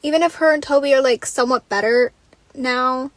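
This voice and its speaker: A woman's voice: high-pitched, brisk, no room sound. A young woman hosting a solo podcast, ranting in an exasperated, casual way, swearing freely and saying "like" constantly. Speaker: podcast host.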